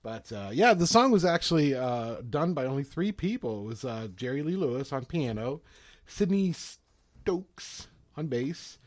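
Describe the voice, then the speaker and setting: A man's voice: a little high, big pitch swings, normal speed, no room sound, studio quality. A man co-hosting a casual chat, joking and teasing as he talks. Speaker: podcast co-host.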